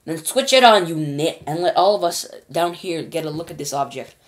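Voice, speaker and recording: A woman doing a gruff, bossy President. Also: expressive, moderate pace. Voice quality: deep and rasping. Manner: bossy, insulting, barking orders. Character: pompous shouting male President of the United States. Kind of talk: children's storybook reading.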